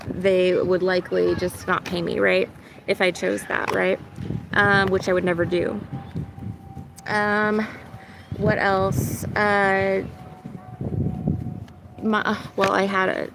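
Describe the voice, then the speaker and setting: A woman's voice: mid-range voice, gravelly. A woman vlogging outdoors in a casual, meandering monologue, tagging sentences with "right?" and "like". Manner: meandering, frequent "right?" and "like" tags. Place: outdoors near boats and birds. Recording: outdoor recording with loud traffic noise.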